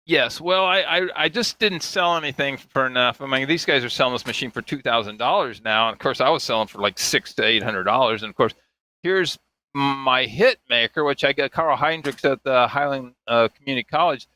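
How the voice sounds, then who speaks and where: A man's voice: medium pitch, fairly quick, bright, forceful tone, rough recording. An older man and father telling family stories in casual, rambling chat, chuckling and acting out the voices of people he quotes. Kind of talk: casual storytelling.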